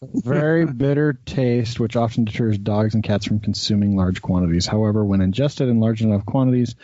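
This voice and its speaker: A man co-hosts a podcast with a playful, teasing manner, his voice mid-pitched. The recording is dry and slightly dull. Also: brisk, dark tone, no room sound. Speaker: podcast co-host. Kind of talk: casual chat.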